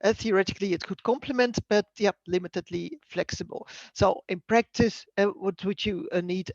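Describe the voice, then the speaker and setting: A female panelist giving a halting, unscripted answer, often searching for words. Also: mid-range voice, vocal fry, darkish tone, no room sound. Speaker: workshop panelist. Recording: dry, dull lo-fi call audio.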